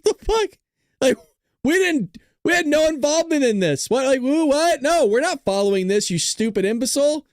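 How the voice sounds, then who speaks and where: A man putting on a furious foreign official who sputters and shouts in exasperation. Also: extremely high pitch, lively intonation, moderate pace, dry recording, clean studio sound, pitched above the performer's own voice. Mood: outraged.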